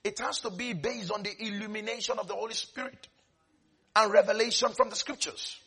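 A man preaching a sermon with lots of energy, dropping into soft asides, then rising to shouts, and laughing often as he speaks. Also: sits high, fairly even intonation, fairly quick, slightly rough. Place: church service.

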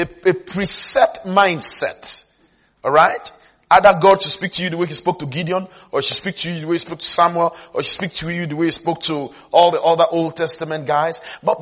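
A man's voice: a little high, normal speed, a bit bright, slightly rough. A male preacher giving a sermon, emphatic, repeating key words and often asking whether listeners are following.

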